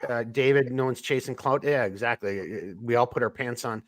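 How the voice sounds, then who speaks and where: A man's voice: mid-range voice, brisk, no room sound, studio quality. A man hosting a live podcast, reading chat comments and rambling with many restarts. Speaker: podcast host. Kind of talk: casual live-stream chat.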